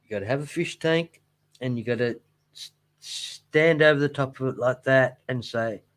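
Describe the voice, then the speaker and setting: Flipping through old books on his fishkeeping channel, this host chats in a rambling, jokey way, full of asides and goofy voice impressions. His voice is mid-range at a normal speed.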